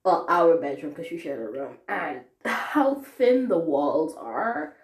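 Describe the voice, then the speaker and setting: A young woman hosting her own podcast, giving a rambling, chatty, animated solo update. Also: low-pitched, slow. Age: young adult. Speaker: podcast host. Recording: roomy echoey room.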